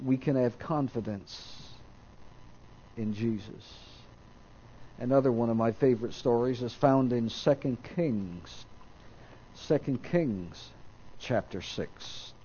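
A man's voice: mid-range voice, slow, long pauses, warm tone, highs cut off, slight background noise. A man preaching a sermon, reading scripture aloud and acting out the quoted voices, stopping now and then to correct himself.

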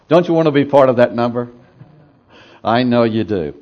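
A man's voice: mid-range voice, lively intonation, normal speed, pauses often, a little mellow, dull audio. A man preaching a sermon, emphatic and repeating phrases for effect, asking the congregation to answer him. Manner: asks the congregation for responses.

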